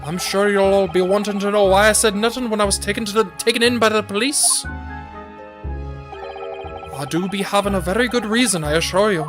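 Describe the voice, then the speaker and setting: Brief: streamer doing a boastful put-on Irish brogue witness for a game, mid pitch, music bed. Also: a little fast, lightly acted. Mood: blustering. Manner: hearty brogue, folksy turns of phrase. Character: boastful middle-aged male Irish witness. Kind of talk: reading game dialogue aloud on stream.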